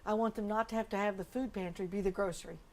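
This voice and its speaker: A woman's voice: mid-range voice, steady tone, fast, darkish tone. Earnest woman pastor in an interview. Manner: earnest, emotional storytelling. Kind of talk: documentary interview.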